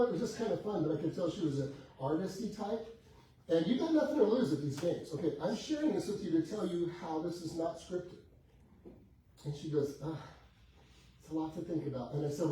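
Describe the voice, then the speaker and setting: A middle-aged man coaches a class on real estate, telling a story with the parts of each speaker acted out. His voice is mellow and a little dark. He sounds far from the mic in a very echoey room. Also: on the high side, fairly quick. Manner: acts out both sides of a sales conversation, laughing often. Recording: echoey room with faint background noise, heard from a distance.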